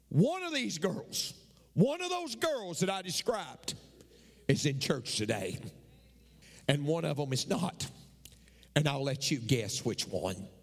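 A man preaching a sermon as pastor, swinging between hushed storytelling and near-shouted appeals. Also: fairly high pitch, vocal fry. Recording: long hall reverb.

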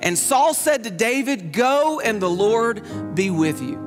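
A man preaching a sermon as pastor, telling stories in lively quick bursts. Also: high voice. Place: church sanctuary. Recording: long reverb in a church hall with faint music.

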